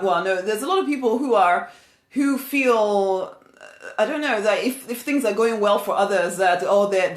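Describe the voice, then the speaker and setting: A woman giving a spiritual motivational talk, emphatic, often repeating her key phrases and laughing as she speaks. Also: fairly high pitch. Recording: roomy echo.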